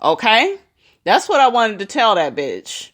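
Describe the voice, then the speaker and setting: A woman's voice: on the high side, wildly swooping pitch, measured pace, a bit bright. A young adult woman giving casual commentary to her viewers, blunt and outspoken, often addressing them directly. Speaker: commentary vlogger.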